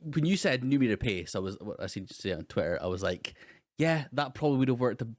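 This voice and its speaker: A man co-hosting a film podcast, talking in a hesitant, measured way with lots of fillers. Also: mid-range voice, expressive, no echo, studio quality. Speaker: podcast co-host. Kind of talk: casual film discussion.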